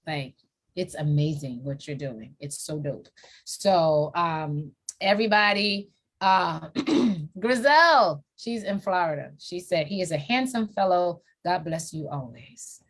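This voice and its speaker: A woman from New York with a New York accent, hosting a casual live-stream interview and cheering her guest on with playful, lively energy. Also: lowish voice, takes it slowly. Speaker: host.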